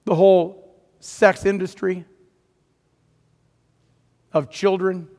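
A man's voice: high-pitched, level tone, slow pace, vocal fry, darkish tone. A man preaching a sermon, retelling a story dramatically and rising to emphatic peaks. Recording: long hall reverb.

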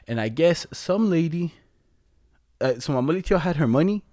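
A man's voice: fairly high pitch, lively intonation, normal speed, mellow, no room sound, studio quality. A young man telling a family story in casual slangy chat, rambling as he goes.

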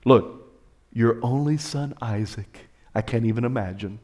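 Pastor, male, mid-pitched, animated sermon delivery with sweeping pitch swings and call-outs. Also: unhurried. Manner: animated preaching, pitch swinging high and low, calls to the congregation.

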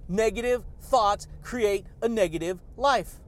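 A man's voice: high-pitched, lively intonation, normal speed. A man hosting a motivational podcast monologue, exuberant and slangy, laughing between points and repeating catchphrases. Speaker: podcast host.

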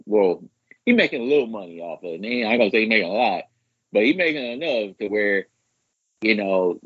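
A man co-hosting a podcast in casual chat, rambling and profane, jumping way up in pitch when he acts out what others said. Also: no echo. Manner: rambling, profane, animated quoting with big pitch jumps. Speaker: podcast co-host. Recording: muffled lo-fi podcast audio.

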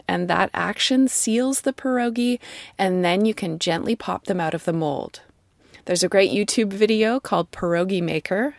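A woman host narrates from a script, explaining each step clearly. Her voice has a gravelly fry, and the sound is close and dry. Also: fairly low pitch, a little mellow, no echo.

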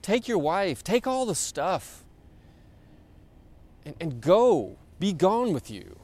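A man voicing an angry male king of old who loudly accuses and demands answers, in a raised, high voice. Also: sing-song, takes it slowly, heavily acted. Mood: commanding. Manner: high-pitched, loud, exclaiming.

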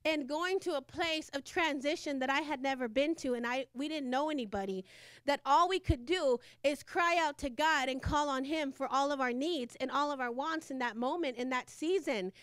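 A woman's voice: sits high, normal speed, a bit bright, dry recording, clean studio sound. A woman preaching a fervent sermon, repeating phrases and laughing between lines.

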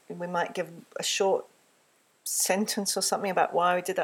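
A woman giving a gentle, earnest solo talk on parenting, recorded close to the microphone and slipping into a soft, soothing tone when she models what to say to a child. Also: medium pitch, steady tone, moderate pace, breathy edge. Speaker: parenting teacher. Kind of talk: reflective spoken talk.

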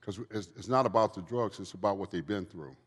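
A husky, low-sitting male voice moves fairly quickly through earnest, preachy recovery testimony at a church Q&A, with phrases that recur often. The guest speaker is in a church event hall, captured with the long reverb of a big hall.

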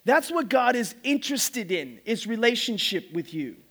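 Man, middle-aged pastor, church sermon, animated self-mocking anecdotes, very high voice. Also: moderate pace. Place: church service before a congregation.

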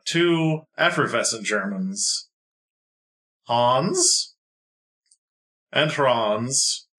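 A man's voice: medium pitch, bright, forceful tone. A man co-hosting a comedy podcast, playful and easily confused in casual banter. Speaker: podcast co-host.

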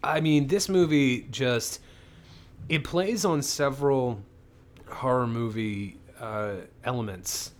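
Casual, profane podcast co-host. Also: male voice, mid-range voice, slow pace. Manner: loose, profane, rambling with many fillers. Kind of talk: casual movie review chat.

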